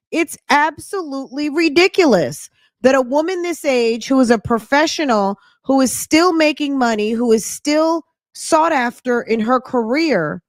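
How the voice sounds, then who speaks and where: A woman's voice: sits high, no room sound. Woman, Southern US accent, podcast host, indignant profane commentary, dry close sound. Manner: animated, indignant, profane ranting. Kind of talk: casual commentary on celebrity news.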